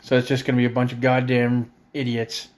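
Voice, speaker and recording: A man's voice: mid-range voice, completely flat delivery, brisk, darkish tone. Middle-aged guy, profane exasperated home vlog rant, sarcastic edge, mid-range voice. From Canada. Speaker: vlogger. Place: a friend's house, indoors.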